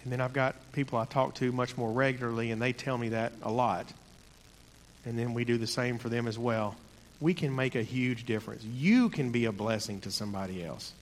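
A man giving a sermon in an earnest, conversational way, slowing down to stress key points. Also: medium pitch, fairly even intonation, long reverb tail, slight background noise. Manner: earnest, conversational, slows for emphasis. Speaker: preacher.

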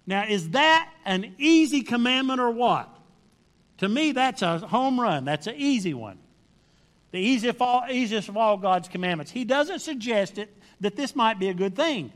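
A man's voice: very high-pitched, lively intonation, moderate pace, a bit bright, big-room sound. A man preaching a sermon, reading scripture aloud and pressing his points with emphatic repetition and questions to the congregation.

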